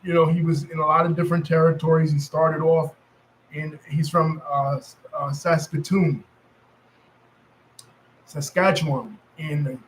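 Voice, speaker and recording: Casual male storyteller, New York accent, rambling and self-correcting, a bit high-pitched. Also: little pitch movement, unhurried, long pauses, a little hiss or hum, low-quality recording. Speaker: wrestling history commentator.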